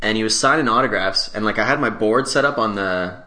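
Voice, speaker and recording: Bright-voiced young man. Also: fairly low pitch. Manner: fast, animated storytelling with laughs. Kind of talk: casual chat.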